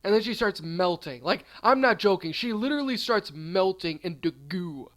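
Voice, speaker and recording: A man's voice: high voice, normal speed. A man telling an absurd comedic storytime in a rambling, offhand way. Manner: rambling, deadpan absurd, trailing off. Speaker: storyteller, channel host.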